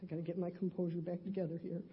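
A middle-aged woman in a church, earnestly reading her personal testimony aloud, halting at times with restarts. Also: on the low side, flat delivery, lo-fi sound, a little hiss or hum. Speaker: church member giving a testimony.

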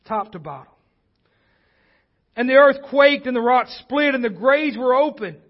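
A high-pitched male pastor delivers an earnest sermon. His voice climbs in force when he drives a point home. The sound is dull and lo-fi, like a church livestream. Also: normal speed. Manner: earnest preaching, rising intensity on key points.

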